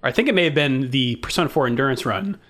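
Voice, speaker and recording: A man's voice: medium pitch, animated, fast talker, fairly bright tone. A man co-hosting a podcast, reading the welcome and sponsor notes and trading dry quips. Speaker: podcast co-host. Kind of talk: casual chat with scripted intro.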